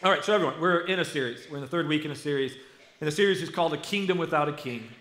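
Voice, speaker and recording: Middle-aged American male pastor, animated and conversational sermon delivery, slightly high voice, roomy church echo. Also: racing. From United States. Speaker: lead pastor. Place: church sanctuary. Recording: echoey church hall.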